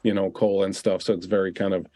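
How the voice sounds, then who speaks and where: A man's voice: low-pitched, flat delivery, fast talker, dark tone, dry recording. A man narrating as game master of a tabletop role-playing game, describing scenes with frequent uhs.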